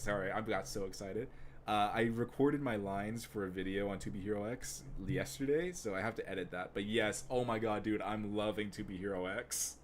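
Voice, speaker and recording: A young man streaming live, chatting casually and rambling with lots of fillers, getting excited as he goes. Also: on the low side, normal speed, slight background noise.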